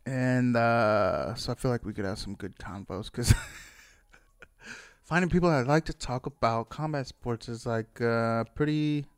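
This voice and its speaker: A man's voice: mid-range voice, a little slow, clear, resonant tone, no room sound. A man hosting his own podcast in a loose, rambling chat, full of fillers and casual swearing. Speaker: solo podcast host.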